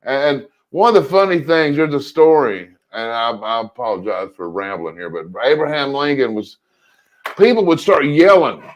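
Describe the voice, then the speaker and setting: A man co-hosting a casual political chat, telling long rambling stories with animated asides. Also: medium pitch, moderate pace. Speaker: co-host.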